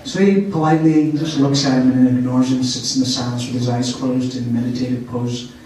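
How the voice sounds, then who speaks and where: A man's voice: medium pitch, flat delivery, fairly quick, warm tone, a little hiss or hum. A man telling a spiritual story to a gathering, checking in with his listeners as he goes. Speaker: speaker at a spiritual center. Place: meeting hall of a spiritual center. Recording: echoey hall, voice from far off.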